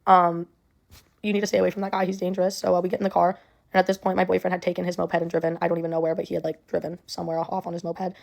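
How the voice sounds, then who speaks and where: A woman's voice: fairly low pitch, little pitch movement, rapid-fire, creaky, a little mellow. A young woman telling a personal story in a rambling way, full of "like" and "um". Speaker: storyteller in a clip.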